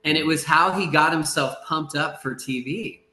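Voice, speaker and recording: A middle-aged man chatting as a podcast guest, telling rambling, relaxed stories with many fillers and acted-out quotes. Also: fairly high pitch, moderate pace, echoey room. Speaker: surf broadcaster, podcast guest. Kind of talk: casual storytelling in a podcast interview.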